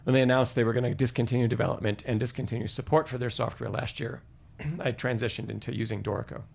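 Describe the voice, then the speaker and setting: A husky man with vocal fry talks fast in a mid-range voice with fairly even intonation. On a live stream piano lesson, backed by piano music, he gives encouraging feedback and sings short phrases to model the sound.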